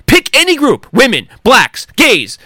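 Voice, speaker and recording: A man hosting a podcast, delivering an angry, profanity-laden solo rant with heated shouting outbursts. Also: very high voice, wildly swooping pitch, measured pace, no room sound, clean studio sound. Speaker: podcast host.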